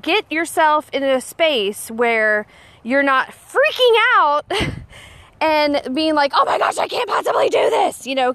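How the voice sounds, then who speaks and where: A woman in her thirties with a bright, high voice talks chattily in an outdoor garden. Her tone is a bossy, joking pep talk, as if she is pushing her viewers to get to work. She is recorded outdoors on a handheld camera. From Texas. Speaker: homesteading vlogger. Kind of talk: casual gardening vlog.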